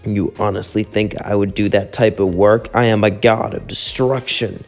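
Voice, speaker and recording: A man's voice: on the low side, steady tone, normal speed, gravelly, soft background music. A man voicing an arrogant male god of destruction in a fan-made story, blunt and threatening. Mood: smug.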